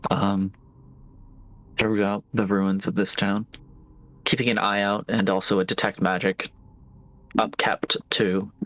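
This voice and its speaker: Tabletop player: a casual, hesitant man with a somewhat low voice. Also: a bit bright, poor audio. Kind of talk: describing his character's actions in a tabletop game.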